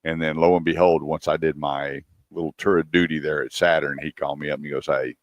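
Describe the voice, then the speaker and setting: Deep-voiced man telling a story on radio. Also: fast talker, dry recording, muffled recording. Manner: animated storyteller acting out quoted dialogue. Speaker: radio show host. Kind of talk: casual storytelling chat. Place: radio studio.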